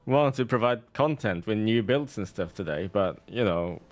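A man's voice: fairly low pitch, expressive, normal speed. A man streaming a game, giving casual, sarcastic commentary with a salty edge.

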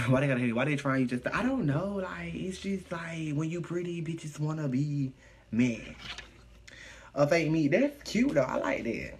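A man live streaming casual chat, reading viewer comments aloud and answering them in a sassy, profane, animated way. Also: a little high, a little slow, a little hiss or hum.

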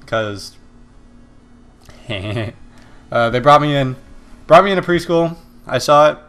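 A man's voice: on the high side, animated, slow pace, a bit bright, a little hiss or hum. A young man hosting a casual video game playthrough, rambling and making self-deprecating jokes as he plays. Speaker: gaming video host. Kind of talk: casual let's-play commentary.

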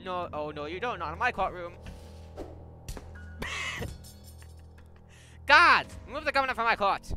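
A man voicing a loud, bossy male judge who barks orders in a courtroom, narrating a game playthrough. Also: high voice, fast, hardly any pauses, faint music behind, voice pushed up. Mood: stern, shouting. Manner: barking orders, shouting for order.

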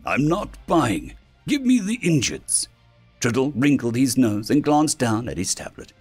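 A male narrator reads a science-fiction story aloud with a lively, expressive rise and fall. His pitch sits in a middle range for a man. Faint background music plays under the reading. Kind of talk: scripted sci-fi story narration.

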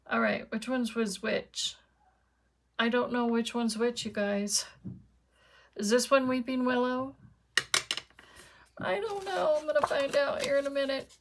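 A woman's voice: a little high, a little slow, long pauses, noisy background. A woman chatting casually to her viewers while she demonstrates card making at her craft desk.

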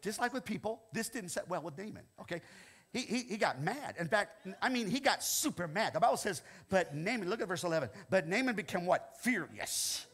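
An older male pastor delivering a sermon, animated and quick to laugh. His husky voice sits high and bright. His pitch climbs and drops widely as he preaches. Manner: animated, repeats "okay?" often, laughs between lines.

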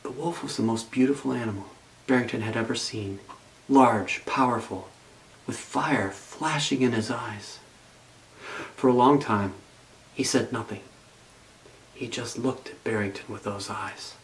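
Slow-paced male pastor telling a story. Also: mid-range voice, rough recording. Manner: expressive read-aloud storytelling. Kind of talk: storytelling in a sermon.

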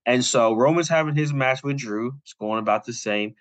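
A man's voice: medium pitch, moderate pace, hardly any pauses, fairly bright tone, dry recording, rough recording. A young adult man co-hosting a podcast, recapping a story in casual, rambling talk full of "like" fillers. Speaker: podcast co-host.

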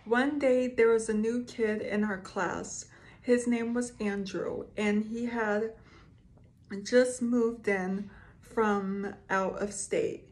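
Slow-reading woman telling creepy stories. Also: a little high, steady tone, a little mellow. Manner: slow, reads aloud with asides and reactions. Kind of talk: casual reading of scary stories to viewers.

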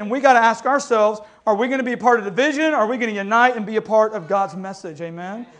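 A man preaching a sermon with passion, often calling out to the congregation for an amen. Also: very high-pitched. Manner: impassioned preaching, calls for amens. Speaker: pastor.

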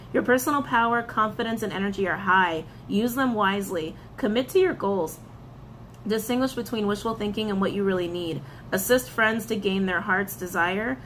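A woman reading tarot and crystal meanings, animated, repeating her phrases and breaking into excited outbursts. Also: mid-range voice, slight background noise. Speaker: tarot reader.

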